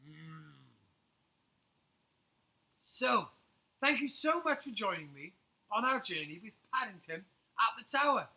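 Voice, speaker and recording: Animated male children's storyteller. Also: high-pitched, takes it slowly, pauses often, rough recording.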